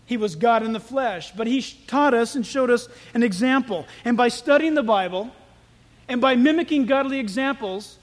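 A man preaching a sermon as pastor, telling stories in an animated way. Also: extremely high pitch, normal speed. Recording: echoey hall with long reverb.

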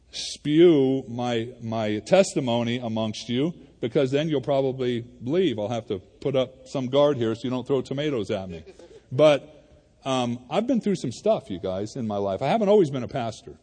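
A male pastor preaching a sermon in a church, conversational and animated, talking to the congregation like friends. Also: mid-range voice, moderate pace. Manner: conversational and animated, addressing the congregation as "you guys". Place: church sanctuary. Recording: reverberant hall.

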